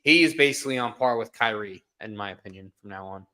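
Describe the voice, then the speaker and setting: A man's voice: fairly low pitch, fast talker, sharp tone. A man co-hosting a live baseball stream, chatting casually, laughing often and giving strong opinions. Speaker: co-host of a live baseball watch-along stream. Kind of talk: casual live sports chat.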